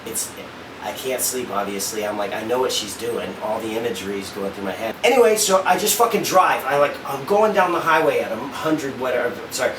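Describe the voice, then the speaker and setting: A man telling a story about his wife, cursing freely and acting out what each person said in a lively, animated way. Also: mid-range voice, brisk. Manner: animated, profane, acts out quoted dialogue. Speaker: father and husband. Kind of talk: casual storytelling. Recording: roomy echo, distant mic, faint noise.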